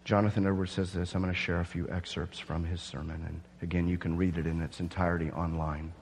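A man's voice: deep voice, flat delivery, quick pace, creaky, darkish tone, big-room sound, a little hiss or hum. A man preaching a sermon to his church, reading scripture and dramatically acting out awed onlookers in rising outbursts. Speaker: pastor.

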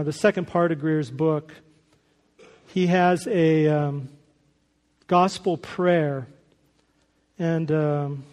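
A man's voice: on the high side, darkish tone. A man preaching a sermon as a pastor, earnest and emphatic, reading a story aloud to his congregation. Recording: long hall reverb.

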